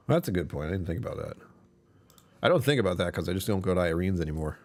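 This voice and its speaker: A man hosting a casual livestream, rambling and self-deprecating as he chats with viewers and chuckles often. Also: fast. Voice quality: deep voice that sometimes drops even lower. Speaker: live streamer hosting his channel.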